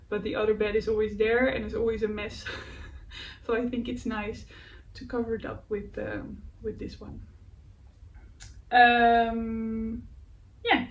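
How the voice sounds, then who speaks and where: A woman hosting her knitting podcast, chatting casually and hesitantly, often searching for words and laughing softly at herself. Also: a little high, highs cut off. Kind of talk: casual show-and-tell chat. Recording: faint background noise, voice a bit distant from the mic.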